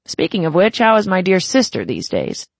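A sly young gang boss in his twenties, as an audiobook narrator puts him on, smooth and mocking. His lines sit higher and louder than the narration, swinging lively up and down. There is a gravelly edge and a husky grain, close and dry. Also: normal speed, no echo, full character voice. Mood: taunting. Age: 20s. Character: smooth, taunting young male Italian-born gang boss.

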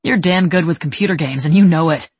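A woman's voice: deep voice, fast talker, breathy edge, no echo. A woman voicing a friendly, teasing male military trainee in an audiobook, with an easygoing, joking manner.

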